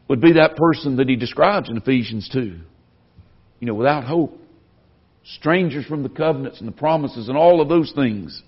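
A man preaching a sermon to a congregation, speaking earnestly and growing louder when he quotes scripture. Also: mid-range voice, slightly rough. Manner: earnest, rising in volume when quoting scripture. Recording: dull lo-fi sound.

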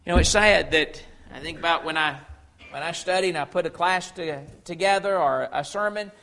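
A man preaching a sermon, emphatic, slowing down when quoting Scripture and often repeating words as he restarts. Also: fairly high pitch, bright, forceful tone.

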